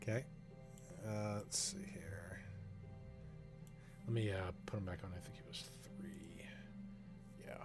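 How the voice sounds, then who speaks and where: Game master: man narrating a tabletop game in a halting, filler-heavy way with easy laughs. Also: sits low, over loud music.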